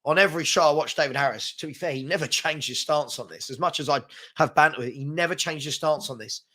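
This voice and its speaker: A man's voice: a little high, fast talker, pushed and bright. A man hosting a casual live-stream chat, frustrated and rambling, reading out viewer comments as he talks. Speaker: host.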